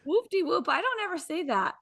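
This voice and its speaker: A woman's voice: high voice, lively intonation, moderate pace, fairly bright tone. A woman co-hosting a morning show, chatting casually in a bubbly, giggly way. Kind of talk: casual chat.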